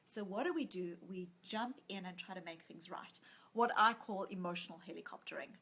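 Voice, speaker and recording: A woman psychologist and author in a conversational interview, telling stories in an animated way and acting out what people said. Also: fairly low pitch, normal speed, breathy edge. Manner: animated storyteller who acts out quoted lines.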